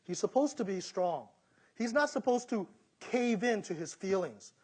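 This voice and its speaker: A middle-aged pastor delivers a lively sermon in a fairly high voice for a man. He talks straight to his listeners and acts out the voices he quotes. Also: normal speed, breathy edge. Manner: animated preaching, acting out quoted voices.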